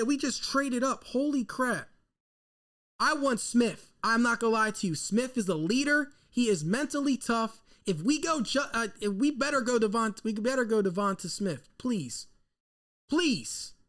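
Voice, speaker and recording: A man, hosting a live draft reaction stream and rambling nervously as an excitable fan into a desk mic. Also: very high-pitched. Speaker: sports fan host.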